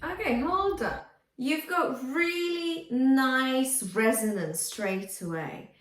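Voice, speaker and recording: A woman's voice: high-pitched, expressive, takes it slowly. A woman vocal coach giving encouraging feedback on singing, now and then singing short phrases to demonstrate. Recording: roomy, from a distance.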